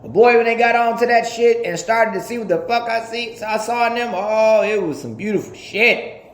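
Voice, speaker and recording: A man in his thirties talking in a casual, animated, profane podcast monologue, laughing often. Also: very high voice, moderate pace, reverberant. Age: 30s. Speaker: podcast host.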